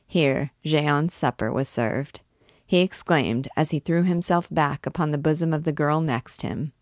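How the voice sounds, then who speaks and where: Low-voiced woman reading a novel aloud. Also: unhurried, no room sound, studio quality. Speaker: book reader and guide.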